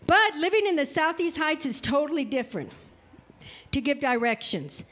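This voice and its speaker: A woman's voice: high voice, sing-song, moderate pace, a bit bright. A middle-aged woman from New Mexico performing a stand-up comedy set, chatty and self-mocking, acting out what people said to her. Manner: chatty, self-mocking, acts out quoted lines. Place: live comedy venue.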